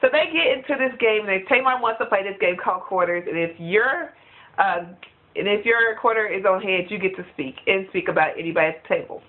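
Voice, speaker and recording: A woman's voice: mid-range voice, fairly quick. Woman vlogging gossip through a tinny line. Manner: animated, gossipy, laughs often, quotes people. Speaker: reality TV reviewer. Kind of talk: casual chatty review vlog. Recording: tinny phone-like sound.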